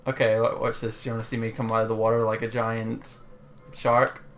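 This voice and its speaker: A man's voice: mid-range voice, completely flat delivery, a little fast, soft background music. A young man playing a video game and chatting casually, with playful exclamations. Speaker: gamer playing on a let's play. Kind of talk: casual gameplay chat.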